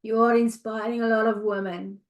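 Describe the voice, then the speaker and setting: A woman's voice: fairly high pitch, flat delivery. Tired, tearful woman hosting a podcast. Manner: heartfelt, halting, with restarts and soft fillers. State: tired and near tears. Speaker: podcast host. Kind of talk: emotional personal monologue. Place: home, early morning.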